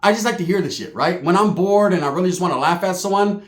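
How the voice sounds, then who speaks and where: A man spins a comic tale in loose, profane street slang. His voice sits fairly high, and the sound rings around an echoey room. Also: quick pace. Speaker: comedian. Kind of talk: comedic storytelling.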